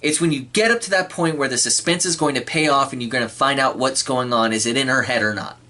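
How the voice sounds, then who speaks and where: A man giving a casual spoken film review, clearing his throat often and acting out quoted lines. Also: medium pitch, fast, bright, forceful tone. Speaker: movie reviewer.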